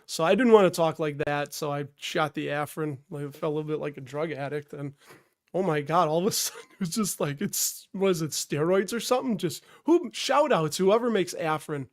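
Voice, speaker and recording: A man from the Chicago area talks through a live stream while getting over a cold. His voice sits somewhat high, and his chat wanders, full of restarts and asides to the chat. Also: fairly quick. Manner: rambling, self-interrupting, greets chatters. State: stuffed up from a cold.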